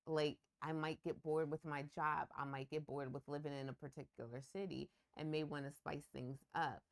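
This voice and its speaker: Low-voiced woman in relaxed chat. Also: moderate pace, creaky. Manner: relaxed, conversational, wry asides. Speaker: podcast co-host. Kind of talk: casual relationship chat.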